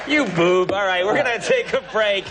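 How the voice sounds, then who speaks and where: A male talk show host bantering with a guest, with quick, teasing, deadpan quips. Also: high voice, over a noisy crowd. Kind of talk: late-night interview banter. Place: TV studio with audience. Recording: noisy VHS TV recording. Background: loud studio audience.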